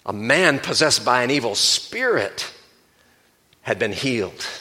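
A man preaching a sermon at a mid pitch, his voice bright and forceful. He explains scripture in a measured, teacherly way. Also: very animated. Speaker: pastor.

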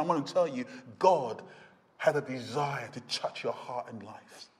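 High-voiced man preaching in a reverberant hall. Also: normal speed. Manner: dramatic, acts out the Bible characters' voices, rising to loud emphasis. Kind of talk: sermon.

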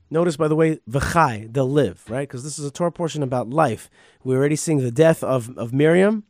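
A man, a rabbi, teaching the weekly Torah portion in a casual, animated way, reading verses and then riffing on them with restarts and emphatic bursts. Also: mid-range voice, brisk, dry recording, studio quality. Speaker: rabbi and podcast host.

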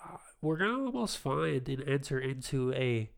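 A man's voice: medium pitch, big pitch swings, normal speed, vocal fry. A man in his twenties hosting a spiritual tarot podcast, talking in a reflective, affirming way with casual asides. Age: 20s. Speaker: podcast host, tarot reader.

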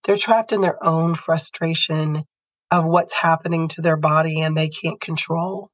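A woman's voice: deep voice, fairly even intonation, a little slow, no room sound, low-quality recording. A woman podcast host telling a personal story in an earnest, heartfelt way.

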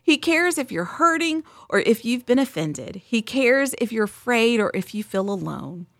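Earnest lady doing a devotional, voice bounces up and down a lot, kinda high, dry close sound. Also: sing-song, moderate pace, dry recording. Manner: earnest, conversational, candid. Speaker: devotional host. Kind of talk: spoken devotional.

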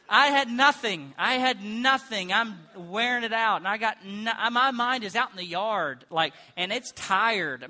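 Male pastor, middle-aged, very bright tone, storytelling sermon with loud comic bursts. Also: high voice. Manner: animated, comic storytelling with sudden loud bursts and mock prayer voices.

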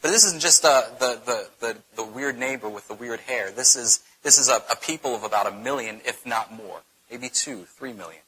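A man teaching a Bible study, telling the story in a conversational, animated way, often checking in with "right?". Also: medium pitch, normal speed, hardly any pauses, husky, low-quality recording.

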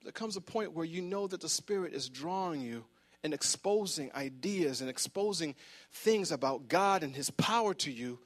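A man's voice: fairly high pitch, lively intonation, moderate pace. A man preaching a sermon in a church, fervent and emphatic, repeating words as he presses his point. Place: church sanctuary.

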